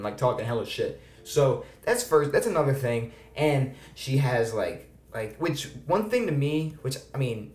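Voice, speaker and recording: A man's voice: mid-range voice, darkish tone, roomy sound. A man co-hosting a podcast in casual chat, rambling and restarting often and swearing casually. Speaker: podcast co-host.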